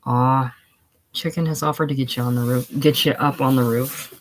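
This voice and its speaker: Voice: mid-range voice, steady tone, moderate pace, a little hiss or hum, lightly acted. Feverish invalid young man, weary and bitter, read by one reader doing all parts. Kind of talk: casual play reading.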